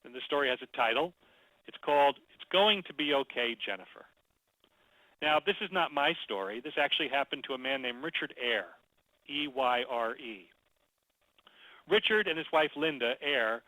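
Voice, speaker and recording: A man presenting a storytelling webinar in a conversational, animated way, telling a story as he teaches. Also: mid-range voice, moderate pace, no room sound, rough recording. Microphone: computer mic, webinar audio.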